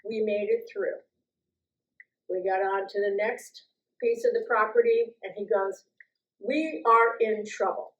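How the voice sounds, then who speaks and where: A middle-aged woman telling a personal story, lively and acting out the voices of the people in it. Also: unhurried, pauses often, echoey room, muffled recording. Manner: lively, acts out quoted voices with big jumps in pitch and loudness. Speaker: storytelling guest speaker.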